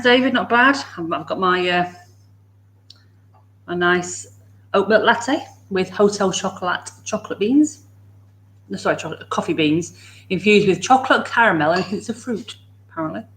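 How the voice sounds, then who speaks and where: This livestream host speaks in a fairly low, somewhat bright voice. She's at home on a morning stream, chatting easily, calling out viewers by name, laughing often and addressing her dogs.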